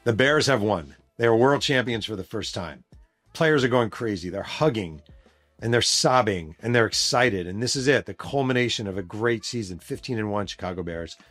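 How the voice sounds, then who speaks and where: A man's voice: fairly low pitch, normal speed, no echo, faint music behind. A man hosting a podcast, telling a story in a casual, emphatic way with plenty of swearing. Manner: emphatic, profane, animated storyteller. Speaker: podcast host and author.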